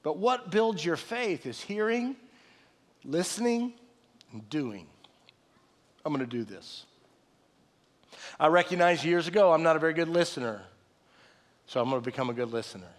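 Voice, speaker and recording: A middle-aged man preaching a sermon with conversational storytelling, swinging from loud excited retelling to soft low tones. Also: moderate pace, pauses often. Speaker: pastor. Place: church sanctuary. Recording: long reverb of a large hall.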